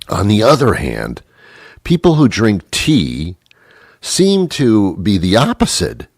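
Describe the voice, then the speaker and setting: A man's voice: fairly low pitch, wildly swooping pitch, slow, breathy edge, no room sound, clean studio sound. A man hosting a radio show, delivering a wry, rambling comic monologue with playful asides.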